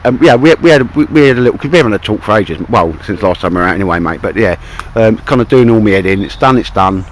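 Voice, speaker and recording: A man's voice: on the low side, animated, racing, a little hiss or hum, low-quality recording. A man with a Cockney accent chatting casually to camera outdoors in a wet wood, rambling and calling his mate "mate". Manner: rambling, chummy, keeps saying "mate". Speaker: outdoor vlogger.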